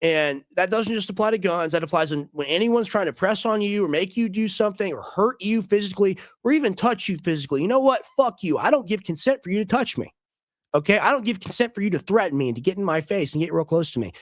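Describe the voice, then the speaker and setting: A man's voice: high-pitched, animated, fast, no room sound. Emphatic man, dry close sound. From United States. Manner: emphatic, argumentative, repeats himself. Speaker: streamer host. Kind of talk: casual commentary on a clip.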